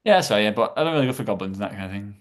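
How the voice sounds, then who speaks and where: A man's voice: on the low side, lively intonation. A man chatting casually as a podcast guest, stumbling over his words and repeating himself as he goes. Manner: halting, repeats words, trails off.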